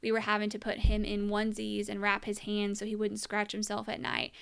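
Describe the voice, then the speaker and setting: A woman's voice: medium pitch, monotone, brisk, creaky, clear, resonant tone. A young woman telling her personal story as a mother in an earnest, emotional monologue, at times close to tears.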